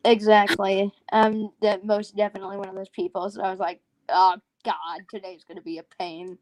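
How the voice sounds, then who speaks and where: A woman's voice: mid-range voice, level tone, brisk, a little mellow, dry recording, low-quality recording. A tired woman co-hosting a livestream in casual chat, rambling and restarting her sentences. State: tired, yawning. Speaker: livestream co-host.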